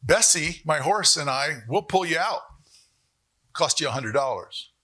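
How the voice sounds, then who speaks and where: A man voicing a terse, deadpan farmer. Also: fairly high pitch, a little slow, husky, full character voice. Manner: flat, terse drawl-free delivery. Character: laconic rural male farmer, deadpan.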